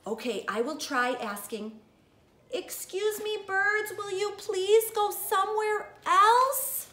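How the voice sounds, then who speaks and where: A woman's voice: extremely high pitch, lively intonation, slow, sharp tone, echoey room, voice pushed up, heavily acted. A woman voicing a fretful male elephant in a storybook read-aloud, asking anxious questions. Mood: polite.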